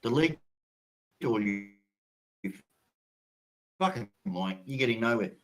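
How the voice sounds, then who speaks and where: A man's voice: on the low side, animated, slow. A man delivering an angry monologue, profane, threatening and insulting. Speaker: ranting video poster.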